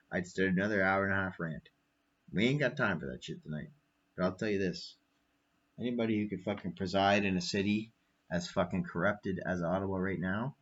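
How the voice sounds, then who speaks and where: Low, husky man ranting profanely. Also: lo-fi sound. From Canada. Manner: profane, angry, rambling. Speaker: podcast host. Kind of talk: late-night ranting monologue. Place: small apartment.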